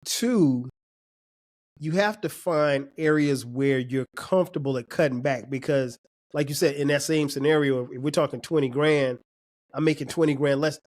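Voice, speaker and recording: A man's voice: fairly high pitch, moderate pace, a little mellow. A man hosting a podcast, laid-back and affirming, often repeating his words as he talks. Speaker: podcast host. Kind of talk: casual podcast conversation.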